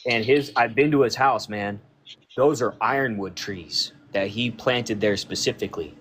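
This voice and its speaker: A man's voice: lowish voice, normal speed, a bit bright, a little hiss or hum. A man who is a podcast guest, casually retelling a friend's encounter in a loose, conversational way and acting out the dialogue. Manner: loose and conversational, with frequent "like" fillers. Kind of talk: casual storytelling.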